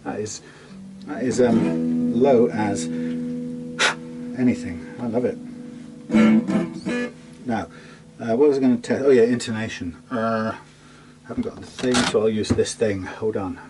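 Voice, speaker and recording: Guy, lowish voice, chatty, mumbling to himself, guitar plinking behind. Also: steady tone, unhurried, pauses often, poor audio. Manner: chatty, mutters to himself mid-task, trails off. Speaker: guitar technician vlogger. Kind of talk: casual talk while working. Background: guitar being played and tuned.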